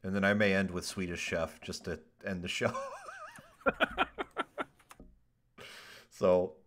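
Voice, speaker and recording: Deep-voiced and slow-paced, this man reads strange news stories on his laid-back podcast. He's animated, ad-libbing jokes, swearing, and laughing often.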